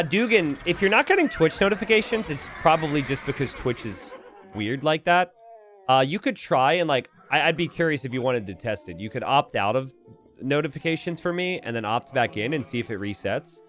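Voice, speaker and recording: A man's voice: medium pitch, normal speed, soft background music. A man casting a strategy game live, chatting with viewers, laughing often and reading their messages aloud. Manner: animated, laughs often, talks to chat directly. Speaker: streamer and game caster. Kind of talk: live commentary while reading chat.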